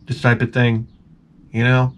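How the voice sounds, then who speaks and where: A man telling a comedic story in an animated rant, swearing and stammering through restarts. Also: medium pitch, measured pace. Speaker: comedic vlogger.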